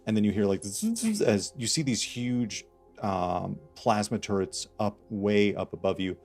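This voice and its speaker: Male game master, low-pitched, relaxed and rambling, faint music bed. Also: normal speed. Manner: relaxed, laughing, filler-heavy narration. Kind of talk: running a tabletop game online.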